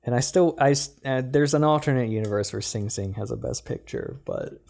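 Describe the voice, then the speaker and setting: A man's voice: medium pitch, fairly quick, gravelly, a little mellow. A young man co-hosting a podcast, chatting casually and filling his talk with "like" and "yeah.". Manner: chatty, filler-heavy with "like" and "yeah". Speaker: podcast co-host. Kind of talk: casual chat.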